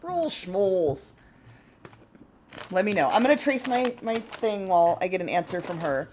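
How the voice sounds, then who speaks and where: A woman's voice: mid-range voice, animated, a little fast, a little mellow, slight background noise. A woman co-hosting a painting stream, giggly and chatty, talking to viewers while opening gifts. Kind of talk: casual chat while unwrapping gifts.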